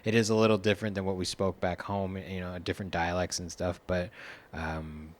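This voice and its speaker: A man from Hawaii, co-hosting a casual podcast chat in a relaxed storytelling way. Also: deep voice, brisk. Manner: relaxed storyteller, slips into pidgin impressions. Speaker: podcast co-host.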